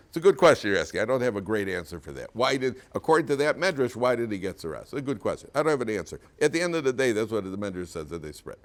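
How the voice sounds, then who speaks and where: A rabbi with a fairly low voice teaches a class of students, telling the story with energy. He slips into the characters, pausing and restarting as he talks to the room. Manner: lively storytelling, acts out characters. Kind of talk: Torah class lecture.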